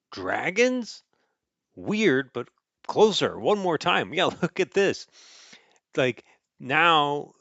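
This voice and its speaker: A man casually reading a picture book aloud to a child, playful and animated, adding sound effects and chuckles. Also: fairly high pitch, vocal fry, no echo, muffled recording. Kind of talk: casual storybook read-aloud.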